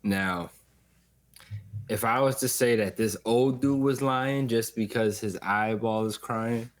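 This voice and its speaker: A man's voice: mid-range voice, slow pace. A man co-hosting a podcast, joking and emphatic, swearing freely as he argues a point. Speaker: podcast co-host. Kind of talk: casual chat.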